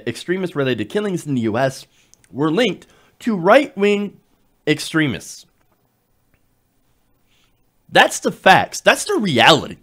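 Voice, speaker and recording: Emphatic man giving political commentary. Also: fairly high pitch. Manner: emphatic, repeats key words, some restarts.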